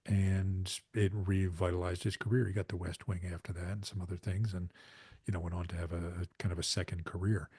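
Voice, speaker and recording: A man's voice: deep voice, level tone, a little fast, darkish tone, slightly rough, no echo, studio quality. A man co-hosting a podcast, chatting casually in a rambling way with many fillers and restarts. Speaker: podcast co-host.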